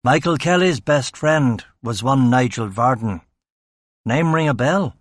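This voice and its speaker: A man's voice: mid-range voice, lively intonation, unhurried, no echo, clean studio sound. A man voicing a blunt, wry male police detective in an audiobook reading. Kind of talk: audiobook character voice.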